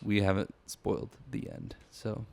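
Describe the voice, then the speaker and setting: A man's voice: fairly low pitch, little pitch movement, a little slow, creaky, darkish tone, no room sound. A young man hosting a casual book podcast, rambling with fillers and teasing his partner. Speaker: podcast host. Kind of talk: casual chat about a book.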